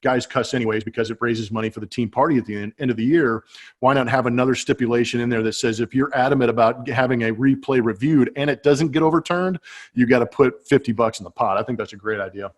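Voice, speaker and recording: A former ball player co-hosting a casual chat show over a webcam call, telling stories in an animated way with frequent laughs. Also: male voice, mid-range voice, quick pace. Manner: animated storyteller who laughs as he talks. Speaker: podcast co-host, former baseball player. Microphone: webcam setup.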